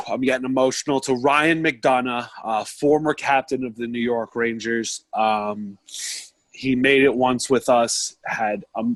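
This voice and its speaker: A young man chatting on a podcast from his basement, rambling, getting worked up and cracking jokes along the way. His voice sits at an ordinary pitch and sounds close and dry, with little room around it. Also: fairly bright tone, no room sound. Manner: rambling, emotional, jokey storytelling. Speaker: podcast co-host. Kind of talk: casual podcast chat.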